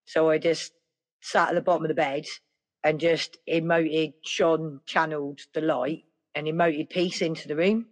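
A middle-aged woman, a podcast guest telling stories in a lively, casual way. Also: low voice, moderate pace. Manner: lively, acts out other people's voices. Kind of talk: casual storytelling.

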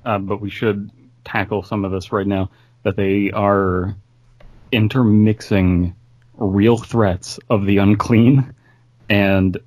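Low-voiced man chatting loosely. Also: steady tone, slow, a little mellow, dry recording. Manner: loose and rambling, full of fillers. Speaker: podcast co-host. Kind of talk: casual chat.

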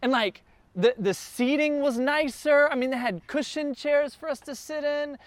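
A man telling a casual travel story, chatty and getting more excited as he goes. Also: extremely high pitch, moderate pace, no room sound.

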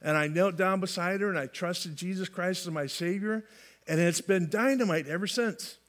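Man with a high-set voice preaching a casual, folksy sermon with light humor. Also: normal speed, fairly bright tone. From California. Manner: folksy, repeats and restarts phrases, light humor. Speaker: pastor.

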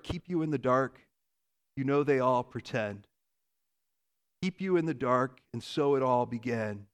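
Man, 40s, pastor, earnest sermon, rhetorical questions, soft drops for emphasis, fairly high voice. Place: church.

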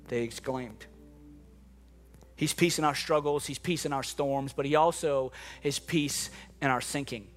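A man preaching a sermon to a congregation in the room and online, moving from quiet reflection to impassioned shouting. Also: mid-range voice, measured pace, soft background music. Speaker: pastor. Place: church hall with live and online congregation.

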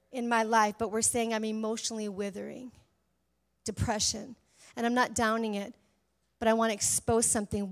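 A woman pastor preaching a sermon in a church, fervent and emphatic, swinging between loud declarations and hushed, intimate passages. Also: medium pitch.

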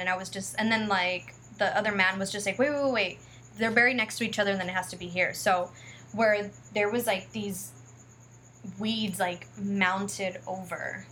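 A woman's voice: medium pitch, a bit bright, slight background noise. A woman telling a personal story in a casual, rambling way, full of fillers and acted-out quotes, and close to tears.

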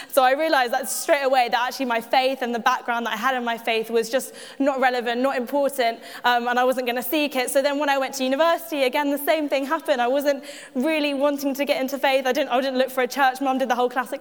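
A woman's voice: high-pitched, level tone, fast. A woman giving a personal testimony at church, chatty and self-mocking, with frequent laughs and asides to the audience. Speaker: church speaker. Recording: echoey hall.

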